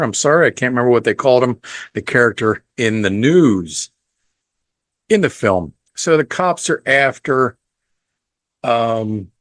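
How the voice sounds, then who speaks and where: Slow, low-voiced man reviewing a film. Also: a bit bright, dry recording. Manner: unhurried, rambling with frequent ums; profane and blunt. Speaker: podcast host reviewing a film.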